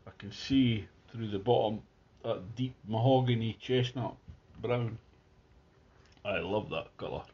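Man, slow unhurried delivery, chatty beer review, relaxed, dull lo-fi sound. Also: on the low side. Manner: relaxed, chatty, describes in detail. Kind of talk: casual beer tasting review. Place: at home near his Christmas tree.

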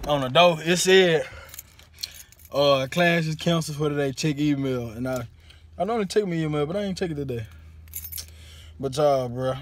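A young man, a college student, chatting casually to the camera, slangy and animated, swearing and then saying sorry. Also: high-pitched. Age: young adult.

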